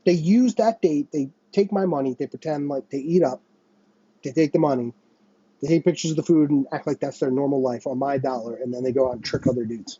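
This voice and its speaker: A man's voice: medium pitch, fairly quick, warm tone, slightly rough, no room sound, highs cut off. A young man hosting a podcast, venting in a profane monologue and mocking other people by quoting them. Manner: vents with heavy profanity and mocking quoted voices. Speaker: podcast host. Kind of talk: ranting monologue.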